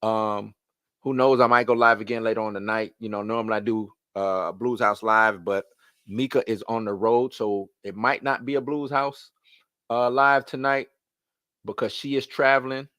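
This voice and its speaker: A man hosting a live stream, ranting in loose, slangy casual talk that repeats itself and swings between loud and soft. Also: on the low side, fairly even intonation, moderate pace, clear, resonant tone, no echo, clean studio sound.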